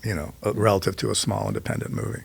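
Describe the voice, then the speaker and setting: Gravelly low older man spinning anecdotes. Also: racing, no echo. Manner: rambling anecdotal storyteller, restarts, quotes others. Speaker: filmmaker guest. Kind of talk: casual storytelling interview.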